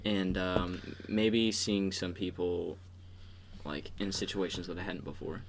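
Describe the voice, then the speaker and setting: A man's voice: sits low, steady tone, measured pace, a little hiss or hum. A young man hosting a casual podcast chat, laid-back and laughing often. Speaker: podcast host.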